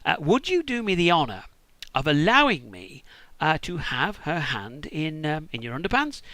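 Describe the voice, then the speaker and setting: British guy doing an indignant cheeky jacob, bright voice, cursing and spluttering. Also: on the high side, sing-song, normal speed, no echo. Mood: pleading. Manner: crude, swearing, exasperated bluster. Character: scheming young male biblical trickster, crude and indignant.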